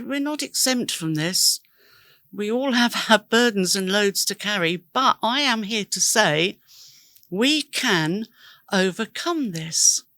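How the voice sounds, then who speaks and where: A woman's voice: a little high, fairly bright tone, no room sound. A woman hosting a podcast, giving an earnest, encouraging self-help talk straight to her listeners. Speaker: podcast host.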